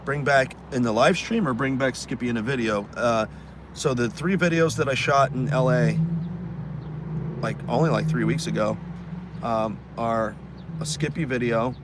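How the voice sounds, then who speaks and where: Male live-stream host, mid pitch, animated storyteller, light traffic noise. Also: normal speed. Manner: animated, acts out fans' voices. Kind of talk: casual storytelling chat.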